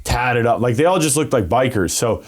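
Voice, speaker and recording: A young man from Colorado telling wild stories in a casual interview, slangy and animated, acting out the voices he quotes. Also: medium pitch, moderate pace. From Colorado, USA. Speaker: podcast guest, former fighter.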